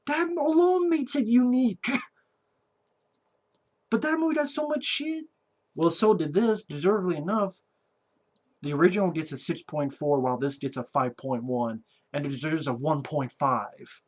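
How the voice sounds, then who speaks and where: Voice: mid-range voice, animated, moderate pace, pauses often. Blunt, profane movie reviewer ranting. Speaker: film reviewer. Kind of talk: casual movie review rant.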